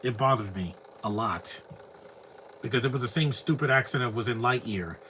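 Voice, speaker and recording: Man, film commentary, casual, opinionated, ranting, sharp bright voice. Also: medium pitch, normal speed, slight background noise. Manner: opinionated, ranting, rambling asides.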